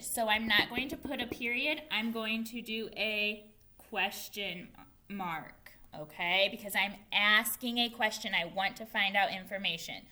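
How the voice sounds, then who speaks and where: A woman's voice: fairly high pitch, bright, forceful tone. A young woman teacher giving a patient, carefully enunciated phonics lesson to young children. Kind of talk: early-grade phonics lesson.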